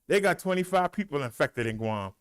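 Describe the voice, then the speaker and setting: A middle-aged man and show host, out of breath, reading out the day's figures in a folksy, animated way. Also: a little high, fairly quick, smooth. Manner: animated, rolls his R's, folksy drawl. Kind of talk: casual livestream talk, reading daily stats.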